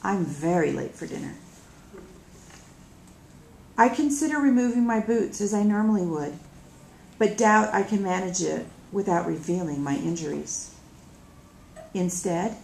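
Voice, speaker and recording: Woman reader, gravelly voice, echoey room with faint hiss. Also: lowish voice, animated, a little mellow. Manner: slow, measured reading. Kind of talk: reading a novel aloud.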